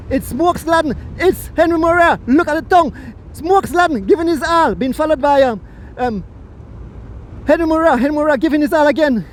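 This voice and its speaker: Excitable high-voiced Belizean commentator man. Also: a little hiss or hum. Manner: excitable, repeats riders' names, breathless bursts. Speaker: race commentator. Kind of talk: live cycling commentary. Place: outdoors at a roadside finish line.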